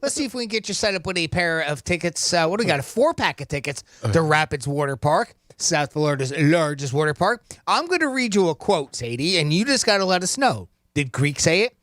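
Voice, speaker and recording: A man's voice: on the high side, sing-song, a little fast, few pauses, fairly bright tone, no echo. A man hosting a radio contest, upbeat and laughing easily, on a studio microphone. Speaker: radio host.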